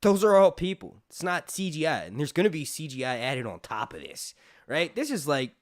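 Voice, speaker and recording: A man's voice: fairly high pitch, very animated, moderate pace. A man hosting a casual live stream chat, rambling loosely, swearing freely and often breaking into laughter. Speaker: YouTube host.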